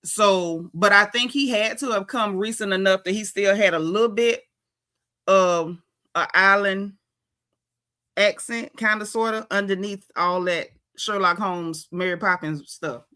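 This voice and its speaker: Sassy, bright-voiced woman host. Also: medium pitch, measured pace. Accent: African American English. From United States. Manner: sassy, animated, indignant. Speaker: gossip show host. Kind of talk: casual commentary livestream.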